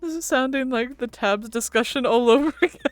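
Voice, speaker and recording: A woman's voice: fairly high pitch, a little fast, clear, resonant tone, no room sound. A woman streaming, chatting casually and giggling with her viewers, swearing now and then. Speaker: VTuber streamer.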